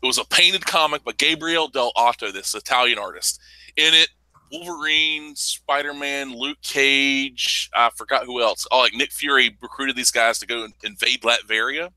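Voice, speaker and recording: A man with a strikingly bright, sharp tone talks comics in a loose, rambling way, swearing freely and breaking into laughter. The sound is dry and close, with no room around him. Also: medium pitch, normal speed, no echo, low-quality recording. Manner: profane, rambling, animated with laughing outbursts. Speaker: podcast co-host. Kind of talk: casual comics chat.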